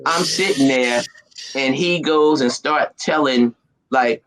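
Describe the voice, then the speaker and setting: A middle-aged man from New Jersey, an animated storyteller in casual chat who laughs often. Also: medium pitch, takes it slowly, low-quality recording. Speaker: guest.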